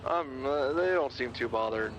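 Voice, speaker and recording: A man playing a police officer, giving rapid situation reports over the radio. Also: medium pitch, noisy background. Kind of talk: role-play police radio calls. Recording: dull lo-fi in-game radio.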